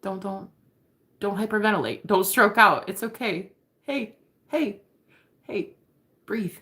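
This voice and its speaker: A woman voicing a gentle young man who calmly soothes her, speaking softly. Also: medium pitch, slow pace. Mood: soothing. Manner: soft and calming.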